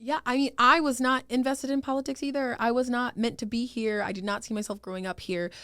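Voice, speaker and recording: A woman's voice: on the high side, brisk, clean tone, dry recording. Candid young woman, dry close mic. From Rhode Island, US. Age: young adult. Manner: candid, animated, laughs often. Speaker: guest, state senator. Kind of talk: casual interview answers.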